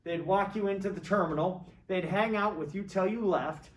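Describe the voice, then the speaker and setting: A man's voice: sits high, moderate pace, a little hiss or hum. Rambling middle-aged man lecturing in echoey classroom. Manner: rambling, opinionated, keeps checking in with "right?". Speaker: college government lecturer. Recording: echoey classroom, mic far from speaker.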